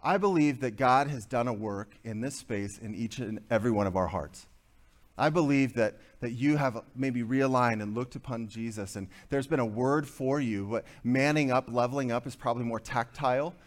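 A man preaching a sermon to a group of men, swinging from quiet, slow passages to loud, quick bursts, with joking asides. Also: medium pitch. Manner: dynamic, swings from hushed to loud and fast.

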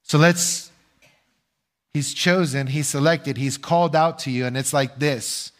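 Older male pastor preaching earnestly. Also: on the high side. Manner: earnest preaching with rhetorical questions and pauses. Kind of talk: sermon.

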